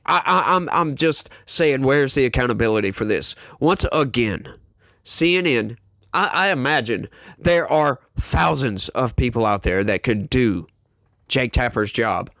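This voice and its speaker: A man's voice: mid-range voice, lively intonation, unhurried, gravelly, a bit bright, no room sound. A male commentary host ranting emphatically, exasperated and repeating himself as he rails against the news.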